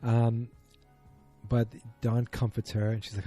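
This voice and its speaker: A man with a husky, very dark and mellow voice talks through a TV episode as a podcast host. He rambles casually, stops to correct himself and fills gaps with ums. Faint music sits behind him. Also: lowish voice, moderate pace. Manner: rambling, filler-heavy, self-correcting. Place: at home beside a muted streaming screen.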